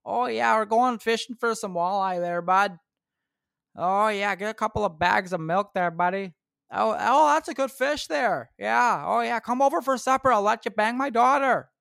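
A man voicing an exaggerated, folksy Wisconsin local man with a put-on Upper Midwest accent and a sing-song, drawn-out manner. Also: high voice, vocal fry, a bit bright, no room sound, clean studio sound, voice pushed up. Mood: jolly.

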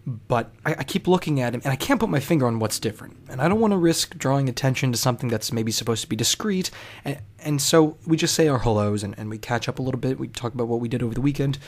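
A man's voice: mid-range voice, quick pace. A man telling a personal story in a wry, profane, conversational way.

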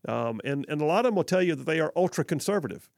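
Casting: middle-aged Southern man, radio talk host, gravelly, dry close studio mic, chatty and quick to laugh. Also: fairly high pitch, expressive, darkish tone, no echo. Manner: chatty, self-deprecating, laughs often. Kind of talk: casual call-in radio talk. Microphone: studio microphone.

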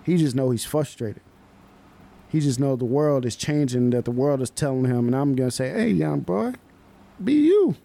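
A young man, a basketball coach, talking casually on a podcast and telling stories in relaxed, slangy speech. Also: mid-range voice, brisk. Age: young adult.

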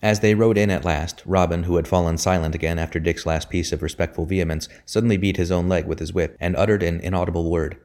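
Man, audiobook narrator, very low voice, brisk pace, steady reading. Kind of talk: scripted narration.

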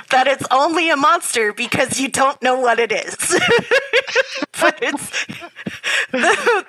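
A woman's voice: high voice, bright, forceful tone, no echo, rough recording. A tired, slap-happy woman co-hosting a casual podcast chat, laughing often. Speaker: podcast co-host.

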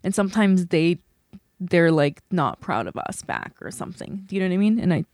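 A woman's voice: lowish voice, big pitch swings, brisk, darkish tone, no room sound, studio quality. A woman hosting a podcast, talking earnestly and gushing, with a lot of "like" between words. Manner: earnest, gushing, heavy use of like. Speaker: podcast host. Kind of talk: casual podcast chat.

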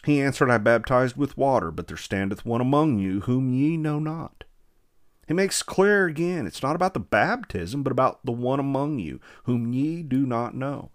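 A man delivers a verse-by-verse sermon in a mid-pitched voice. He reads scripture in a slow, old-fashioned cadence. Then he explains it in everyday speech, full of rhetorical questions. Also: animated. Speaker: preacher.

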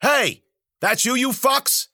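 Man doing a yelling, spiteful dying soldier. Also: on the high side, huge pitch swings, normal speed, breathy edge, no room sound, studio quality, pitched above the performer's own voice, exaggerated voice. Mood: shouting. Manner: yelling, profane, taunting. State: badly wounded. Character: dying brutal male soldier, mocking and spiteful.

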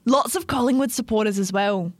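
A woman's voice: medium pitch, brisk, no room sound. A young Australian woman co-hosting a podcast, telling stories in casual chat and laughing often. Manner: animated storytelling, frequent laughing, swears. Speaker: podcast co-host.

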